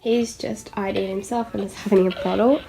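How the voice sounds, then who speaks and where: A woman's voice: mid-range voice, fairly even intonation, a little fast, vocal fry, warm tone. A woman vlogger giving casual running commentary at home, chatting to her baby dolls and laughing often. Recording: noisy home video recording.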